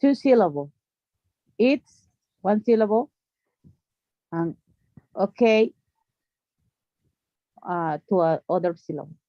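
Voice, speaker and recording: A woman whose first language is Spanish, learning English in a live online lesson; she speaks haltingly, in broken English, and corrects herself often. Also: mid-range voice, lively intonation, no echo, muffled recording.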